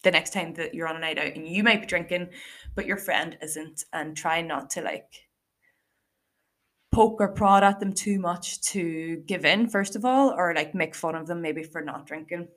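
A young woman with an Irish accent talks to her listeners in a relaxed solo podcast. Her speech is chatty and rambling, full of fillers and little acted-out quotes. Her voice sits slightly low for a woman. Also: normal speed. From Ireland. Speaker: podcast host. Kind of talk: casual solo podcast monologue.

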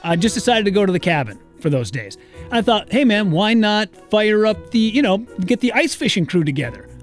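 A man's voice: high voice, big pitch swings, brisk, soft background music. A man in his thirties co-hosting a radio show, chatting and acting out the lines of people in his stories. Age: 30s. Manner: chatty storyteller who acts out other people's lines. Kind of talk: casual radio banter.

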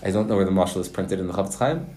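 A man who teaches at a yeshiva, giving a Torah lesson in a folksy, animated storytelling manner, with Hebrew and Yiddish terms mixed in. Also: sits low, very fast. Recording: roomy echo.

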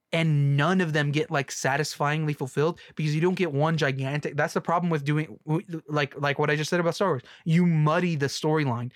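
A man's voice: on the high side, dry recording, studio quality. A young man ranting casually about a movie, rambling and sarcastic, with many restarts. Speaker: movie reviewer.

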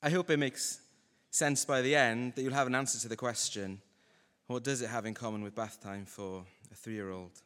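A male preacher talks his congregation through a sermon in an easy, joking, conversational way. His voice sits in the middle pitch range. It carries a long reverb tail from a big hall. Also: fairly even intonation, normal speed, fairly bright tone, clear, resonant tone. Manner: conversational and humorous. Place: church hall.

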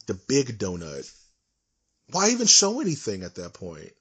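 A man co-hosting a casual podcast, ranting in an animated, emphatic way. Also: on the low side, moderate pace, breathy edge. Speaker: podcast co-host. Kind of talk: casual chat.

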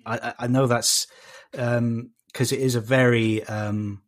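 A man's voice: medium pitch, little pitch movement, measured pace. A man with a South Welsh accent, a guest on a casual podcast, talking with many fillers and restarts. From Wales.

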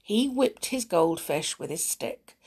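Slow, expressive woman reading aloud. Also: fairly low pitch, slightly rough. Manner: slow, expressive, talking to a child listener. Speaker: storyteller. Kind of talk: reading a children's storybook aloud.

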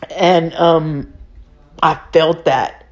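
A woman's voice: sits low, fairly even intonation, very slow, lo-fi sound. Candid woman telling a story. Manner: candid, swears freely, grows emotional. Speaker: vlogger. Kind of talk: casual personal storytelling.

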